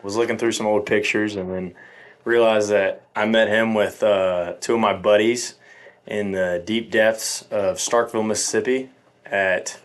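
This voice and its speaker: Young male guest, laid-back storyteller, lowish voice. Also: steady tone, measured pace. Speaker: podcast guest, football coach. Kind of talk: casual chat.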